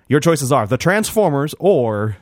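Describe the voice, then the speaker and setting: A man's voice: mid-range voice, big pitch swings, unhurried, no echo, studio quality. A man co-hosting a podcast, announcing segments in an upbeat, announcer-like way amid casual chat. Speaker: podcast co-host.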